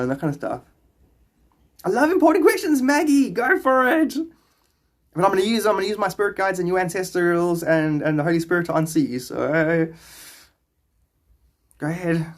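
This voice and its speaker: Male livestreamer with a fairly high voice on a phone mic, loose and rambling, laughs a lot. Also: fast. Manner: laughs often, rambling and playful. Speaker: livestreamer answering viewer questions. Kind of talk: casual livestream chat.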